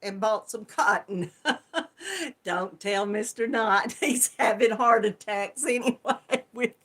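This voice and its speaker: A woman's voice: fairly high pitch, slow pace, a bit bright. A woman hosting a crafting channel, chatting casually on a live stream, laughing often and greeting viewers by name.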